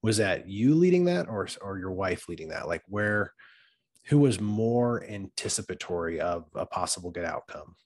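A man's voice: low voice, expressive, moderate pace, darkish tone. A man hosting a podcast interview, giving frequent short agreements and asking follow-up questions. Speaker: podcast host. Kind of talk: conversational interview.

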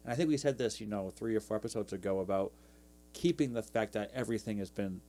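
A man's voice: on the low side, fast, warm tone. A man in his thirties co-hosting a podcast, talking earnestly in casual chat. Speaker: podcast co-host.

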